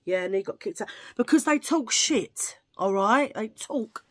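A woman's voice: fairly high pitch, expressive, unhurried. A woman chatting casually to camera, rambling from one tangent to the next. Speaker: vlogger. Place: at home filming under a ring light.

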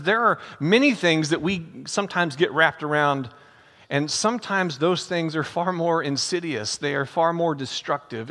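An older male pastor with a bright, forceful voice pitched a little high tells a story from the pulpit. His delivery is casual and chatty, and he keeps calling his listeners friends. A long church reverb trails behind every phrase. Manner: conversational, addresses listeners as friends. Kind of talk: storytelling sermon. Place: church sanctuary.

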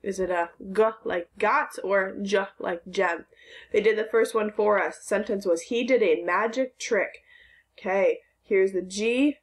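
A woman's voice: mid-range voice, measured pace. A woman teaching a recorded phonics lesson to children, patiently sounding out letters and words.

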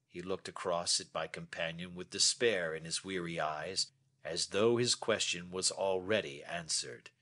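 Slow, careful male story narrator. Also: low voice, pushed and bright. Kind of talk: slow scripted story narration for English learners.

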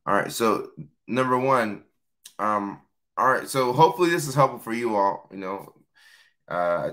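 Hoarse, bright-voiced man. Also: lowish voice, normal speed. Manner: chatty, reads out viewer comments. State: hoarse from yelling. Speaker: host. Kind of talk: casual live-stream talk.

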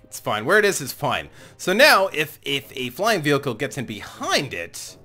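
A man giving casual gameplay commentary as a let's play host, excitable and thinking aloud, chuckling often. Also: on the high side, moderate pace. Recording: game music playing under the voice.

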